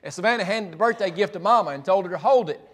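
A man's voice: high voice, racing, fairly bright tone, slightly rough. A man preaching a sermon, retelling scripture in a folksy, conversational way with frequent restarts.

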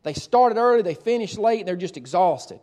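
A man's voice: high-pitched, lively intonation, normal speed, a little mellow. A pastor preaching a sermon and reading scripture, emphatic and conversational, tossing rhetorical questions to the congregation and correcting himself as he goes.

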